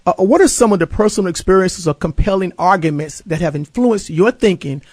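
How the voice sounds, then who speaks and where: A man hosts an interview in a fairly high voice. He asks questions and chimes in with chatty remarks, recorded close and dry. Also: animated, fairly quick, a little mellow, no echo. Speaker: host.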